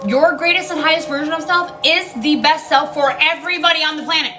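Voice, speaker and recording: A woman's voice: sits high, steady tone, fairly quick, sharp tone, soft background music, rough recording. Blunt, emphatic woman reading tarot. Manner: blunt and emphatic, swears freely; repeats key lines for emphasis. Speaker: tarot card reader. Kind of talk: casual spoken tarot reading.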